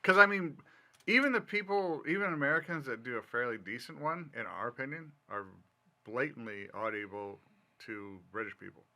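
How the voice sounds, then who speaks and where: A man co-hosting a podcast in casual chat, animated and joking with quick asides. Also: medium pitch. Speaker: podcast co-host.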